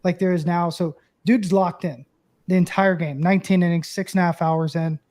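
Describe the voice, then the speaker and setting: A man's voice: high-pitched, moderate pace. A man in his thirties, a former catcher guest, telling stories in a casual interview and acting out the voices of the people in them. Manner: animated storyteller, acts out quoted voices.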